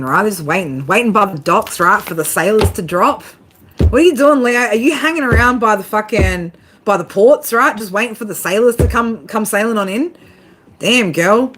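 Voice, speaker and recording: A woman's voice: medium pitch, noisy background. A woman giving a casual tarot reading to her viewers, swearing freely, laughing often and talking straight to them. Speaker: tarot reader.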